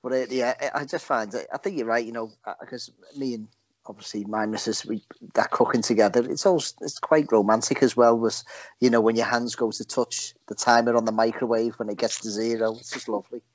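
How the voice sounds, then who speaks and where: A man's voice: medium pitch, fairly even intonation, a little fast, no echo. A man co-hosting a podcast, joking around and laughing often. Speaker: podcast co-host. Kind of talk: casual podcast chat. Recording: dull lo-fi audio.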